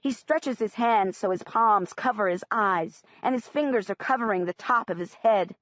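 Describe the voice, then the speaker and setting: A woman narrating a first-person audiobook in an expressive, plain-spoken way. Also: mid-range voice, normal speed, dry recording. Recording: dry, slightly muffled audiobook recording.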